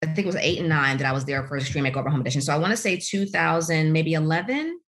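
A middle-aged woman from the United States telling her career story in an interview, animated and full of "you know" fillers. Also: fast talker. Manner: animated storytelling, voices quotes with big pitch leaps. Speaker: guest, author. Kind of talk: podcast interview, personal story.

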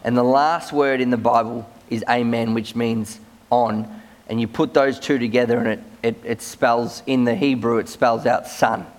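A man's voice: mid-range voice, steady tone, normal speed. A man preaching a sermon as a pastor, conversational, often repeating words as he starts sentences.

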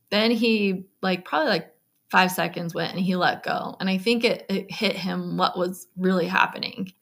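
A woman with a creaky, gravelly edge recounts her experience in a candid interview. She talks loosely, with frequent fillers and restarts. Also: lowish voice, a bit bright. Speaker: guest recounting a personal story.

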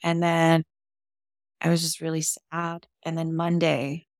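Low gravelly woman telling her story. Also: monotone, slow, dry recording, clean studio sound. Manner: open, emotional, casual with swearing. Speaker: podcast guest. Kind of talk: candid personal storytelling.

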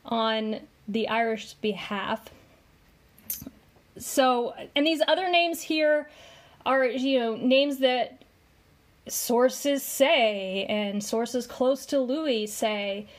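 Slow, chatty high-voiced woman. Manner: chatty, filler-heavy, drawn-out delivery. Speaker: podcast co-host. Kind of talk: casual commentary podcast.

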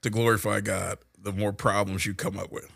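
A man with a low voice and a bright, forceful edge co-hosts a faith-based talk show. He tells stories in an animated way and turns loud and high-pitched when he gets excited. His talk is casual. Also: moderate pace, vocal fry, breathy edge, no echo, studio quality. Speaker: podcast co-host.

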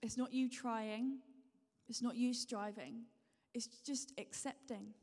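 Slow and a little mellow, her slightly high voice keeps a fairly even intonation as she preaches. The woman repeats herself, offers encouragement and asks the congregation questions, all under long hall reverb.

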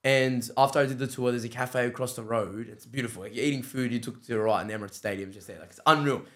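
A young-sounding Australian man rattles through his stories at a quick clip, his pitch sitting in an ordinary middle range. He's a guest on a casual podcast, animated and slangy, slipping into the voices of the people in his stories. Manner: animated, acts out quoted dialogue, says "bro" often. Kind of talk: casual storytelling chat.

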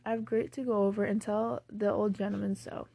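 A spirited, daring teenage girl, read by a woman, speaking briskly and cheerfully. The voice is mellow with a gravelly edge. It sounds like a close, dry storybook reading. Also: mid-range voice, flat delivery, dry recording. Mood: musing. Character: bold, lively teenage girl, daring and kind.

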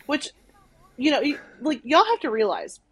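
A young woman from Arkansas, a podcast guest telling a story in animated casual chat, full of "like" and acted-out quotes. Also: high-pitched, moderate pace, no echo, low-quality recording. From Arkansas, USA. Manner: animated, many "like"s, acts out quotes.

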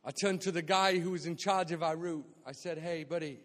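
A man giving a storytelling sermon as a guest church speaker, animated and jokey, acting out the voices in his stories. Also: fairly high pitch, a little fast, few pauses. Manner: animated, jokey, acts out quotes. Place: church auditorium. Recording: live church hall with long reverb.

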